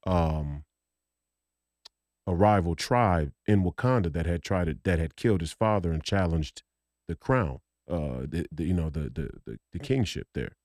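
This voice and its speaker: Male podcast co-host, low and lively, swears and restarts, dry close sound. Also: a little slow, no echo. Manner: heated, rambling, profane, many restarts. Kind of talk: casual political chat.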